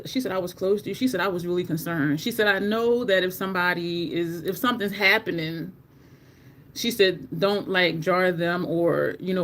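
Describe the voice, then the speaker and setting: A woman vlogger chatting casually while doing her makeup, telling a story in an animated way, swearing often and jumping to high squeaks when she quotes herself. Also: slight background noise. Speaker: beauty vlogger.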